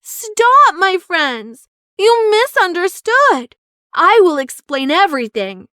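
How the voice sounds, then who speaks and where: A woman voicing a cheerful young boy inventor in a children's story, talking in a bright, eager, pleading way. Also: very high voice, very animated, slow pace, no room sound, studio quality, pitched above the performer's own voice, heavily acted.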